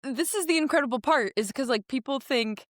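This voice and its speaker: A woman's voice: sits high, a little fast, no room sound, clean studio sound. A woman hosting a podcast, talking in a chatty, rambling way and laughing easily. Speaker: podcast host. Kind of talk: casual interview chat.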